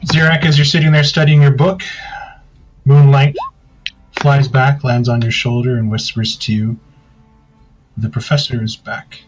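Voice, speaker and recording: A man running a tabletop game as game master, narrating scenes in an unhurried, descriptive way. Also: mid-range voice, steady tone, soft background music, low-quality recording.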